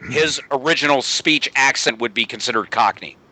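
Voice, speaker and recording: A man's voice: mid-range voice, normal speed, bright, forceful tone, no room sound. A middle-aged man in a casual panel chat, rambling and correcting himself as he talks.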